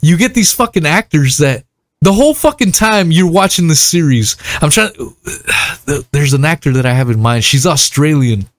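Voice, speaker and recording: A man's voice: on the high side, animated, normal speed, dry recording, studio quality. A man hosting a casual podcast chat, swearing constantly and laughing often.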